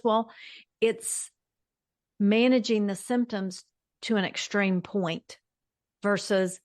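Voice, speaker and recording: A woman co-hosting a casual spiritual podcast, agreeing and adding remarks in an unhurried way. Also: medium pitch, fairly even intonation, no room sound, studio quality. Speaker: podcast co-host.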